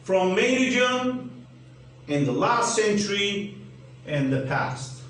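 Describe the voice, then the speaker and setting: A man's voice: high-pitched, sing-song, takes it slowly, fairly bright tone. A man with a Turkish accent teaching an English grammar lesson, spelling out letters and asking and answering his own questions. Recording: echoey room, mic at a distance, faint hum.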